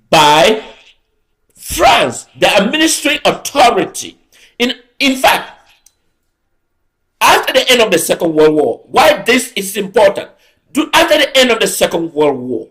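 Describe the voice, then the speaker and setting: A man's voice: sits high, a bit bright, poor audio. A man giving an impassioned political address, emphatic and repeating phrases for emphasis. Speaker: political speaker.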